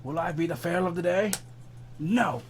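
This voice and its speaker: A woman's voice: lowish voice, moderate pace, slight background noise. A woman playing a tabletop game, teasing and swearing casually. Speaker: player.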